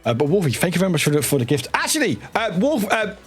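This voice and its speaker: A man chatting casually on a live stream, excitable and often laughing and swearing. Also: sits high, fast talker, soft background music.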